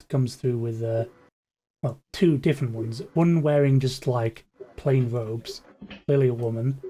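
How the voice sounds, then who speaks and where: Halting man running a tabletop game. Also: medium pitch, dark tone. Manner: halting, filler-heavy, restarts sentences. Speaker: game master.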